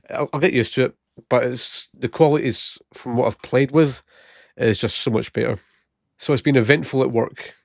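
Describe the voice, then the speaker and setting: A man's voice: medium pitch, no echo, studio quality. A man vlogging in casual storytelling, a little short of breath from a chest infection, often laughing at his own stories. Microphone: new gated microphone close up.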